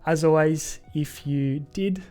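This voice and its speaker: A man hosting his own podcast, talking earnestly and haltingly with many pauses and ums. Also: a little high, warm tone, clear, resonant tone, faint music behind. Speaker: podcast host. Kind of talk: casual solo podcast talk.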